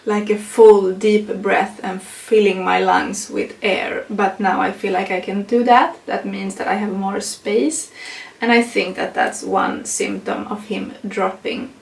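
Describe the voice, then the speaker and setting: In her pregnancy update vlog, a young non-native English speaker talks casually with frequent laughter and fillers. Her mid-range voice is flat, unhurried and touched with vocal fry, and the recording is reverberant and distant.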